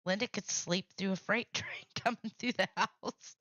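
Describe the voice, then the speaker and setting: Middle-aged woman, live-stream host, bright tense tone, dull lo-fi dry sound. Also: mid-range voice, normal speed, dry recording. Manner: chatty, talks to viewers by name. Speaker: livestream host. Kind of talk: casual live-stream chat. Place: home craft room.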